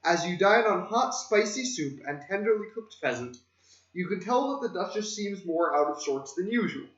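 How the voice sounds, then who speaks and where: Man, game master, reading prepared narration, high voice, dull lo-fi sound. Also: expressive, normal speed, a bit bright. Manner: reads prepared scene descriptions. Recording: roomy, dull lo-fi mic.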